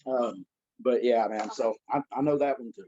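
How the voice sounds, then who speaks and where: A man's voice: medium pitch, moderate pace, warm tone, a little hiss or hum. A man, a guest strength coach and gym owner, talking bluntly and with plenty of swearing in a casual podcast chat. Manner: blunt, profane and emphatic. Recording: dull lo-fi sound.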